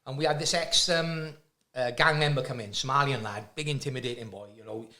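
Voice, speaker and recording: A Welsh man hosting a podcast, telling stories in casual chat with lively swearing. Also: medium pitch, a little fast, echoey room. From Wales. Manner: animated storytelling, swearing freely. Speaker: podcast host.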